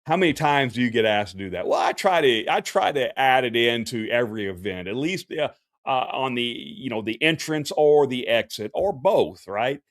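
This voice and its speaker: Clean, echo-free studio sound captures a man's medium-pitched, expressive voice at normal speed. He's a professional Santa performer running a casual livestream Q&A, talking in a folksy, chatty manner with lots of fillers and restarts.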